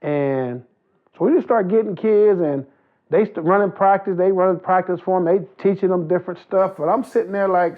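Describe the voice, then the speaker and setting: An older man from Compton, California, telling stories as an interview guest, animated and swearing freely. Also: sits high, normal speed. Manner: animated, acts out quoted voices, swears freely. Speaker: interview guest, youth basketball coach. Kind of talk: casual storytelling. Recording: dull lo-fi recording.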